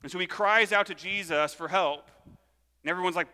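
Man, pastor, sermon, bright ringing voice, slightly high, echoing hall. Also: moderate pace. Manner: animated storytelling, acts out voices.

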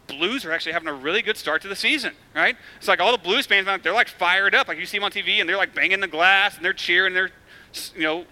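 Male pastor, easygoing sermon delivery, punchy repeated phrases, forceful edge. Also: high-pitched. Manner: casual, conversational preaching with many fillers and tag questions; emphatic, repetitive build-ups. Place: church.

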